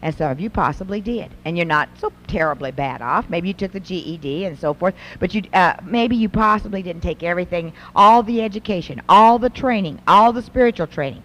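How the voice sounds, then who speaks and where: A woman's voice: fairly low pitch, fairly quick, hardly any pauses. A middle-aged woman giving a folksy, conversational talk to an audience of women, acting out little scenes between mothers and daughters. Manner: animated, folksy, acts out mothers and daughters in quotes. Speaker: speaker at a Christian women's event.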